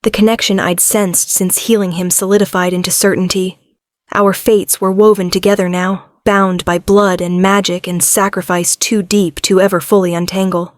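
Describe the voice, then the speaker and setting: A woman reads a romance audiobook in the first person, keeping a steady, level delivery with little melodic movement. Her voice sits in an ordinary middle register. The recording is close and dry. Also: mid-range voice, normal speed, no room sound. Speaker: audiobook narrator.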